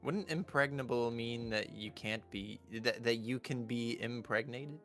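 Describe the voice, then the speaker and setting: A man's voice: medium pitch, measured pace, fairly bright tone, faint music behind. A man musing aloud and cracking crude jokes in a casual chat with friends. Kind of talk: casual banter.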